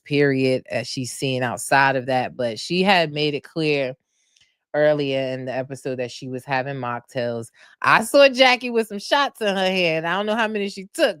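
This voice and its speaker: A woman's voice: low voice, clear, resonant tone, no room sound, clean studio sound. Chatty woman recapping reality TV. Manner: animated storytelling with frequent laughs and loud mock-quotes. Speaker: podcast host recapping reality TV. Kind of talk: casual chat, reality TV recap.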